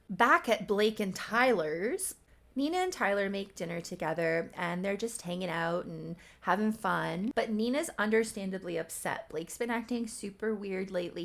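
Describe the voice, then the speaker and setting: A woman in her thirties, a YouTuber, recaps her old soap opera story in casual commentary. She's chatty, laughing and poking fun at herself, and her voice is lowish and gravelly.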